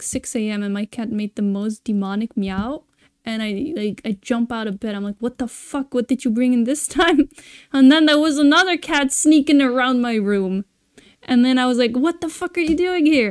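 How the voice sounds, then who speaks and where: A woman's voice: a little high, clear, resonant tone, no echo, clean studio sound. A woman streamer chatting casually with viewers while she plays, laughing often. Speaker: gaming streamer. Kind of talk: casual live-stream gameplay chat.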